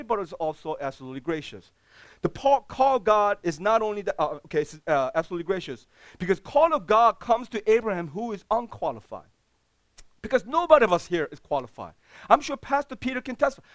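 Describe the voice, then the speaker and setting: Animated preaching man, high voice. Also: brisk, no room sound. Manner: animated preaching, swinging from loud bursts to hushed low lines. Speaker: pastor. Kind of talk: sermon.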